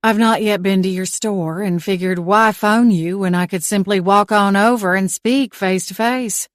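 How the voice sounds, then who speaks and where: A woman's voice: mid-range voice, no room sound, studio quality, close to an everyday voice. Woman doing a sweet Southern-drawling shopkeeper. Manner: slow, sweet, honeyed. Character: warm Southern woman in her forties, a shop owner. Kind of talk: audiobook character voice.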